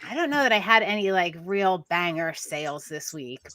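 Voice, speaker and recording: A woman's voice: fairly low pitch, expressive, moderate pace, a bit bright, no room sound. A woman co-hosting a casual live chat, bubbly and teasing. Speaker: co-host.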